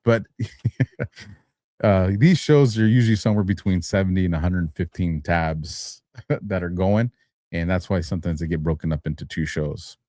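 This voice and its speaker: A rather low-voiced man hosts a livestream from his studio, tired yet talking on at length. He chuckles often between loose, rambling phrases and turns loud and heated when he pushes a point. The sound is close and dry. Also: normal speed, no echo. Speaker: host of a live-streamed talk show. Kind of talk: casual live-stream commentary.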